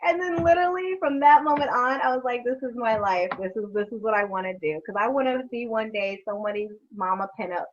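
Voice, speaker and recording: A woman's voice: on the high side, fast talker, few pauses, lo-fi sound, a little hiss or hum. A woman hosting an interview, talking frankly and emotionally, with some salty language. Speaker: host. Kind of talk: candid conversational interview.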